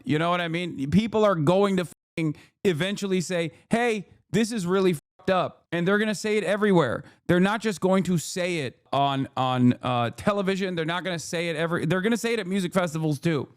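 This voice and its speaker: A man's voice: sits high, a little fast, hardly any pauses, no room sound, studio quality. A man giving blunt, profane live-stream commentary, speeding up when he reads text aloud.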